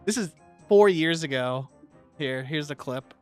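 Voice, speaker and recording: A man's voice: on the high side, measured pace, smooth, faint music behind. A man streaming live, chatting casually and rambling, with lots of "like" as he tells stories. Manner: rambling, heavy use of "like", animated storytelling. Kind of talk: casual livestream chat.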